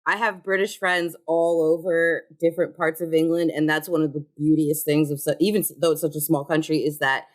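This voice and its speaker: A woman from the United States co-hosting a podcast, rambling in casual chat with swearing and frequent laughter. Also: deep voice. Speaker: podcast co-host.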